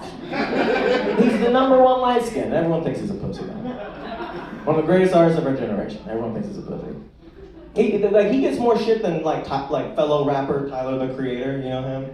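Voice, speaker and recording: Animated male comic in an echoey club. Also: high voice. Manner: laughs at his own jokes, crude and animated. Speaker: stand-up comedian. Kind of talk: live stand-up set. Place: comedy club stage with audience. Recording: echoey club taped from far off, loud crowd. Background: audience laughter.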